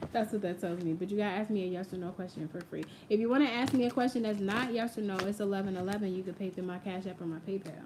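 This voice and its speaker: A young woman chats her way through a live-stream tarot reading, loose and playful, talking right to her audience. Her voice sits at an ordinary middle pitch. Steady noise runs under the home recording. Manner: chatty, playful, laughs often, addresses viewers directly. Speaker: tarot reader. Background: quiet ambient audio playing.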